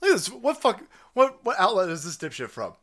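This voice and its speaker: Ranting, profane man, lively pitch. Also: fairly quick. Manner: ranting, mocking, crude. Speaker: online commentator. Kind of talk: profane reaction commentary.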